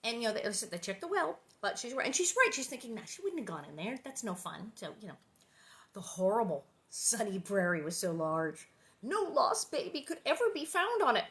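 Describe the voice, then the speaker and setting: A woman's voice: fairly high pitch, very animated, moderate pace, fairly bright tone. A woman chatting casually and reading a children's novel aloud, rambling and playful with many asides.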